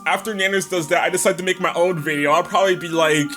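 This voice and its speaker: A man's voice: high voice, fairly even intonation, fast, bright, forceful tone, soft background music. A man as a VTuber telling a rambling comic story, laughing and swearing as he goes. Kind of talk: comedic storytelling.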